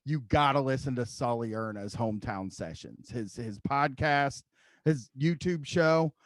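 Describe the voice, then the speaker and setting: A man's voice: mid-range voice, expressive, unhurried, dry recording. A man hosting a podcast in casual chat, rambling and swearing with amusement. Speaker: podcast host.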